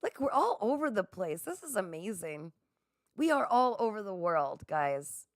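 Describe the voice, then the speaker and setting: A woman's voice: mid-range voice, a little slow, no room sound, clean studio sound. A middle-aged woman hosting a livestream, chatting casually with viewers, reading their comments aloud and laughing often. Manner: excitable, laughs often, talks straight to viewers. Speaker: livestream host.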